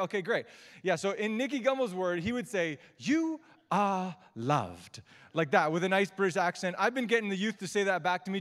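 A man preaching to his congregation in a relaxed, talkative way, breaking off and restarting his sentences as he goes. His voice sits a little higher than most men's. The sanctuary gives it a long, ringing reverb. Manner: warm, chatty, often restarts mid-sentence; gushing and excitable when reacting. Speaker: guest preacher. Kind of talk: casual conversational sermon. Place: church service with live congregation.

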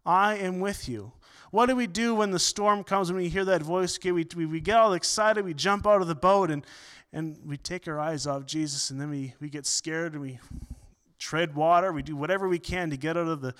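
A man preaching a sermon as pastor, earnest, often repeating words and swinging between loud and soft. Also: a little high, brisk, smooth.

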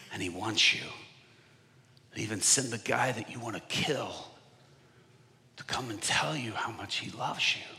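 Man, preacher, sharp tense voice, long hall reverb, hushed then impassioned delivery. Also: medium pitch, unhurried, vocal fry, long pauses, slight background noise. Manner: swings from hushed whispers to loud impassioned shouts. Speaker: evangelist. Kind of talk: sermon storytelling. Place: conference stage.

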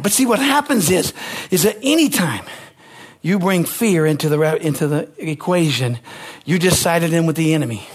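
Impassioned preacher man, high husky voice. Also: lively intonation, fairly quick. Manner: impassioned, repeats phrases, swings from loud exclamations to low asides. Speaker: pastor. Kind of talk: sermon.

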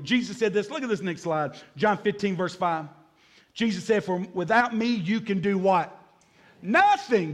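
A man preaching a sermon as pastor, energetic, repeating key words and joking with the congregation. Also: high-pitched.

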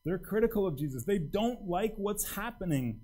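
A man preaching a sermon, his pitch rising and falling a lot as he talks. His voice is mellow and warm rather than bright. He speaks conversationally and often restarts his sentences. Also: lively intonation, moderate pace, poor audio. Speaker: pastor.

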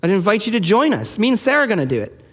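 A man preaching a sermon, his voice sitting high for a man. He talks to the congregation conversationally and turns animated when telling stories. The sound carries a long reverb tail from the church hall. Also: very fast. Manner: conversational, animated storytelling with rising intensity. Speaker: pastor.

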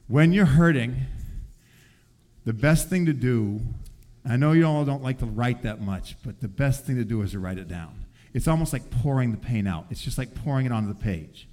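A man who teaches, telling a faith testimony about his class with lively storytelling and acted quotes, often dropping soft and low. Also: normal speed.

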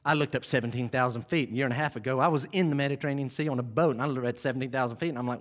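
A male pastor delivers a sermon in a large church hall, and his voice rings with long reverb. He drops low and quiet to teach, then climbs loud and high to tell a story vividly. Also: very fast, few pauses.

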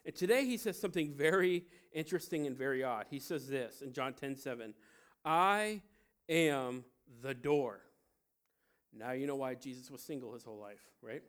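A man's voice: mid-range voice, fast, hardly any pauses. Joking conversational male preacher. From Cincinnati, Ohio. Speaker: pastor. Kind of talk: sermon.

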